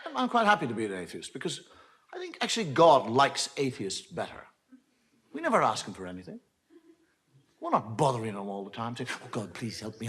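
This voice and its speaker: A man's voice: mid-range voice, heavy background noise. A man doing a wry stand-up monologue, telling jokes with a storytelling, swooping delivery. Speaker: comedian.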